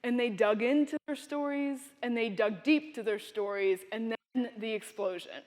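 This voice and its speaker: Female keynote speaker, expressive motivational storyteller, high voice, reverberant hall. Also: moderate pace. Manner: storytelling, expressive, direct to audience. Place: university conference venue.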